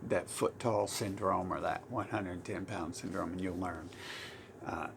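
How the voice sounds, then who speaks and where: A man's voice: sits low, steady tone, a little slow, vocal fry, noisy background. A man with a Southern US accent delivering a heated, profane, rambling monologue full of restarts. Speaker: vlogger.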